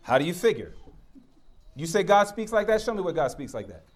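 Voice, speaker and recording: A man's voice: high voice, big pitch swings, fairly quick. A middle-aged man preaching a sermon, emphatic and direct, throwing rhetorical questions at his congregation.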